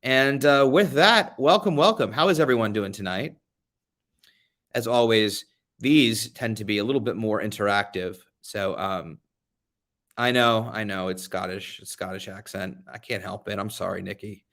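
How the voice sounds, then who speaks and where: Speaking in a fairly low, slightly bright voice at a moderate pace, a young American man hosts a relaxed live-stream chat. He's a livestream host and advocate at a beach rental during a getaway, chatty and self-deprecating as he greets viewers by name.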